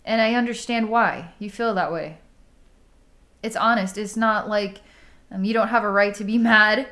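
A woman's voice: mid-range voice, steady tone, normal speed, a bit bright. Chatty woman giving an energy reading. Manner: casual and chatty, heavy use of "like", frequent laughs and sighs. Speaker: psychic healer. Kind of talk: energy healing session talk.

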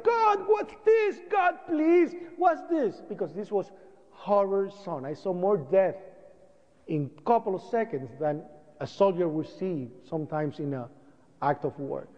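A man's voice: a little high, mellow. A man giving an emotional first-person account to an audience, telling it with dramatic storytelling and a voice that climbs and cracks at the worst moments. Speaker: speaker giving a presentation. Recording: dull broadcast audio with long hall reverb.

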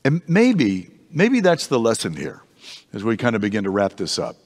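A man teaching an adult Bible class in a church, conversational and animated, often restarting his sentences, in a reverberant hall. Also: on the low side, normal speed.

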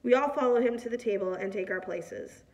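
A woman reading a novel aloud, in a plain, steady way with a few small slips. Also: fairly high pitch, brisk, distant mic. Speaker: reader.

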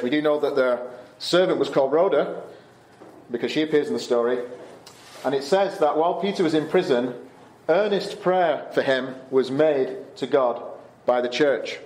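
A man's voice: mid-range voice, moderate pace, darkish tone, roomy sound. A man speaking as a camp speaker, giving a conversational Bible talk to teenagers, with fillers and restarts. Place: Canada.

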